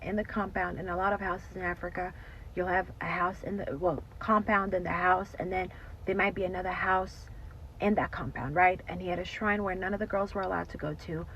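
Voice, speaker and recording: Woman, casual storyteller, chatty, animated, slightly dull lo-fi sound. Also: lowish voice, brisk, slight background noise. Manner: animated, chatty, lots of "like" and "you know". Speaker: storytime host.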